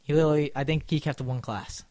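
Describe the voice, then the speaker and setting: A man's voice: a little high, fast talker, a little mellow, dry recording. A man in his twenties, a guest on a podcast, telling loose, profane stories and acting out what people said. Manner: loose storytelling, swears freely, acts out quotes. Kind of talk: casual podcast chat.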